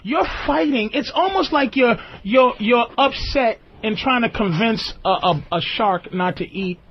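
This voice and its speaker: High-voiced man ranting on the radio. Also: expressive, unhurried, a little hiss or hum. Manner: profane, ranting, argumentative. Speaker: radio show host. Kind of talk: heated radio talk. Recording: muffled radio broadcast recording.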